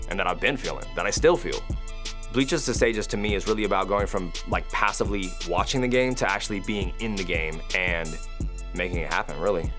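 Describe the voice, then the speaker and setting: A man's voice: low voice, sharp tone. A young man, a rapper, telling his story in a casual, slangy way with lots of "like" fillers. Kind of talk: reflective personal storytelling.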